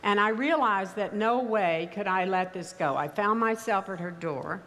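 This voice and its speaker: An older woman with a mild Texas accent, giving a commencement speech in a measured, wry storytelling manner. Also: mid-range voice, fairly bright tone. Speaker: commencement speaker. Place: large ceremony venue. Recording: reverberant hall, faint ambience.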